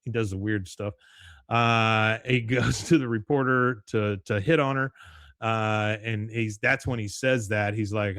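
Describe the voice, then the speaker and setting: A man's voice: fairly low pitch, fairly even intonation, measured pace, a bit bright, dry recording, studio quality. A man hosting a podcast, casually recapping a cartoon episode in a loose, rambling way with many fillers and crude jokes. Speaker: podcast host.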